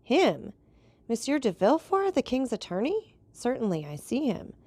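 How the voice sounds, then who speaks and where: A man's voice: very high voice, huge pitch swings, normal speed, darkish tone, no echo, pitched above the performer's own voice, heavily acted. A woman reading as a composed, mocking male count who hosts a dinner. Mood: calm, probing. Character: mysterious wealthy male count, calm, ironic host.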